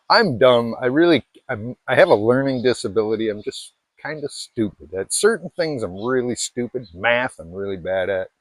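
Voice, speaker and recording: A man's voice: medium pitch, animated, moderate pace, dry recording. A middle-aged man from Alaska chatting casually to camera, rambling and self-deprecating with many restarts. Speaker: vlogger.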